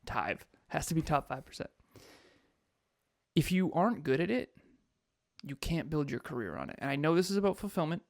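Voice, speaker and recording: A man co-hosting a podcast and coaching, talking in an animated, emphatic way and laughing often. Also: fairly high pitch, brisk, creaky, no room sound, studio quality. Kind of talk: casual podcast chat.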